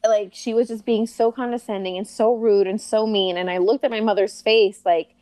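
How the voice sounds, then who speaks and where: A woman from a Spanish-speaking family telling a personal story in casual chat, heated and emphatic, slowing down to stress words. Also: mid-range voice, steady tone, a little mellow.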